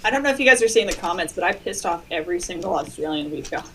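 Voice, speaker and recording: A woman from the Pacific Northwest, self-deprecating and quick, chatting on a group live stream. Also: on the low side, animated, background noise. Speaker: TikTok creator and voice actor.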